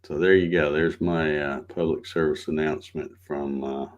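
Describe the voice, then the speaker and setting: A middle-aged man hosting a casual morning livestream, greeting viewers by name in a relaxed, folksy way. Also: a bass voice, moderate pace, dull audio. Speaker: livestream host.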